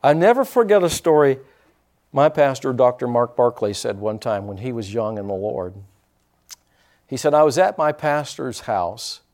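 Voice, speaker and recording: A pastor delivering a sermon, preaching emphatically and breaking into dramatic shouts. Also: male voice, mid-range voice, expressive, normal speed.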